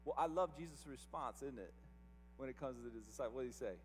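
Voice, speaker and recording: A man's voice: mid-range voice, fast talker, big-room sound, slight background noise. A male pastor preaching a sermon with emphasis, firing rhetorical questions at the congregation. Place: church service.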